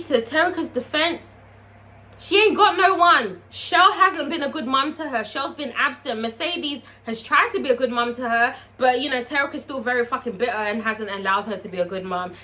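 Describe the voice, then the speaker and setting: Woman ranting about a tv show, swears a lot, bright voice, kinda high. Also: normal speed. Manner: profane, animated, chatty, asks viewers questions. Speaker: TV show reviewer. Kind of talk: casual vlog recap.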